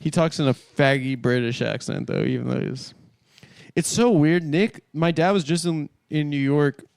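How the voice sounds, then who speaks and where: A young man chatting on a comedy podcast, his voice sitting a little high. He rambles and tells crude, animated stories. The sound is dry and close. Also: normal speed, smooth, no echo. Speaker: podcast host. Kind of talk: casual comedy podcast chat.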